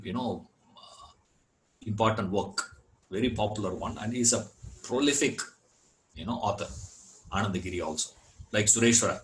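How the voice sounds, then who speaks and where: A man teaching a scripture class, unhurried, repeating words and filling gaps with "you know". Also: fairly low pitch, slight background noise, low-quality recording. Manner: chants Sanskrit verse. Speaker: Vedanta teacher.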